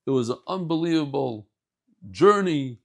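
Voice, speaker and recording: A man teaching a daily Talmud class, animated and joking, acting out the dialogue as he goes. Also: fairly high pitch, moderate pace, vocal fry. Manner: animated, jokey asides, acts out dialogue.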